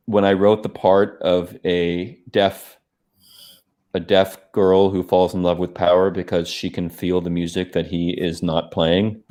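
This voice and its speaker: A man's voice: low voice, darkish tone. A man, a filmmaker, talking casually over his own film during a watch party, rambling with many fillers and restarts on a video call.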